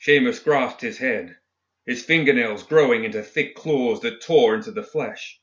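A man narrating a dark fantasy story in a steady, dramatic storytelling manner. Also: mid-range voice, unhurried. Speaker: audiobook reader. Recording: dull lo-fi recording.

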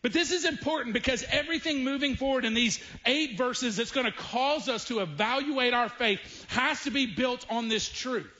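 A pastor with a Southern US accent preaching a sermon in a church, speaking emphatically and slowing down to stress key phrases. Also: male voice, extremely high pitch, sharp tone, dull audio. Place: church sanctuary.

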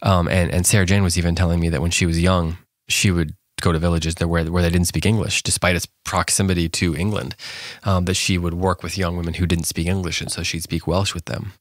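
A man's voice: low-pitched, little pitch movement, fairly quick, no echo, studio quality. A man hosting a podcast, reading a poem aloud and talking it through in an earnest, thoughtful way. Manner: earnest, thoughtful, with frequent ums and restarts. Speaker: podcast host. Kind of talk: poetry reading and reflective commentary.

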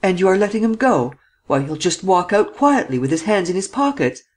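A man's voice: high-pitched, sing-song, a little fast, voice pushed up. A man reading an audiobook and voicing an anxious examining magistrate who keeps pressing with worried questions. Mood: fretful. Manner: fretful, questioning.

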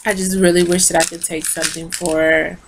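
A woman reviews a lipstick in a loose, rambling way, tired and talking straight to her audience. Her voice sits low and has a gravelly fry. She records on her phone, with a faint hum of noise underneath. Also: level tone, a little fast. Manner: rambling, talks straight to viewers as y'all. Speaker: beauty vlogger. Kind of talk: casual rambling product review.

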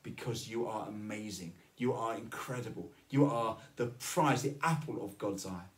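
A man's voice: lowish voice, normal speed. A man preaching a sermon, telling a personal story and earnestly encouraging his listeners. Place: church.

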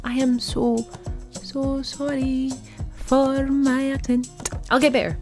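A woman's voice: high voice, flat delivery, takes it slowly, warm tone. A young Scottish woman with a Scottish accent, chatting to camera in a playful, self-mocking vlog. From Scotland. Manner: chatty, playful, laughs at herself. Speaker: vlogger. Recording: faint background music.

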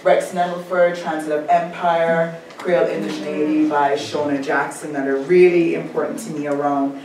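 A woman's voice: low-pitched, little pitch movement, normal speed, darkish tone. A woman from Jamaica with a Jamaican accent, giving a reflective academic talk at a symposium and asking for the slides to be changed. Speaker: panel speaker. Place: lecture room at a symposium. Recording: echoey room, far from mic, faint noise.

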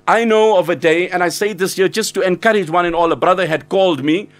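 A man giving an earnest, urgent Islamic lecture, exhorting listeners and breaking into quick Arabic recitation. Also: sits high. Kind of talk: sermon.

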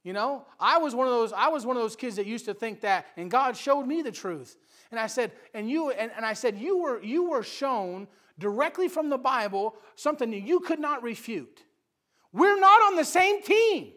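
A man preaching a Bible study sermon in church, swinging between quiet asides and loud, emphatic exhortation. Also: extremely high pitch, lively intonation, normal speed. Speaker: pastor.

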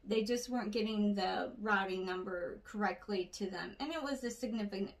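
A woman's voice: medium pitch, normal speed, recorded from a distance. A woman in casual podcast chat, telling stories expressively and acting out what people said. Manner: expressive storyteller, acts out voices.

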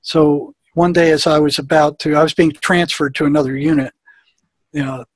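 A man's voice: fairly high pitch, steady tone, normal speed, dry recording. A man, a former prison therapist, telling an anecdote in conversation and acting out the dialogue in a plain-spoken way.

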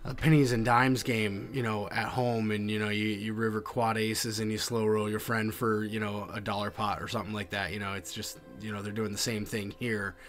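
A man giving voice-over commentary on his poker hands, halting and full of fillers. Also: fairly low pitch, flat delivery, fairly bright tone, soft background music. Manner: halting, many fillers and restarts. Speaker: poker vlogger.

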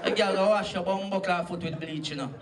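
A man with a Jamaican accent and a high-sitting voice runs through a brisk stand-up routine at a comedy club, punchy and bantering with listeners. Crowd noise fills the distant, amateur live recording.

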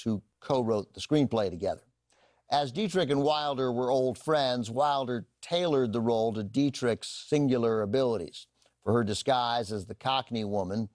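A man hosting a classic film channel, giving a measured, scripted introduction to a film. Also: medium pitch, a little mellow, no echo. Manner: measured, informative, lists titles.

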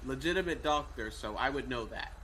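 A man's voice: medium pitch, expressive, brisk, noisy background. A man playing a doctor in a roleplay game, talking hesitantly with restarts. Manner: hesitant, stammering.

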